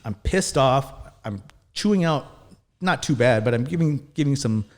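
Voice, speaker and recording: A man's voice: medium pitch, normal speed. Man in his thirties telling a story. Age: 30s. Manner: animated, acts out quoted dialogue, swears. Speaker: guest firefighter. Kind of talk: casual storytelling.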